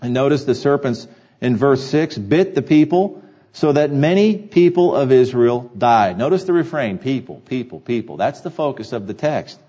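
Male pastor, mid pitch, mellow tone, earnest sermon delivery, dull recording. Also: expressive, normal speed, slightly rough. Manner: earnest preaching, repeats key phrases for emphasis. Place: church sanctuary.

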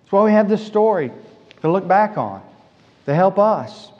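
A man's voice: high voice, lively intonation, moderate pace, darkish tone. A man preaching a sermon, emphatic, repeating his key phrases for weight. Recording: dull lo-fi sound with long hall reverb.

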